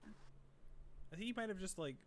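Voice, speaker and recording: A man's voice: high-pitched, lively intonation, unhurried, slight background noise. A young man streaming a game, chatting casually and reading text aloud, with many fillers. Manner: rambling, lots of "like" fillers.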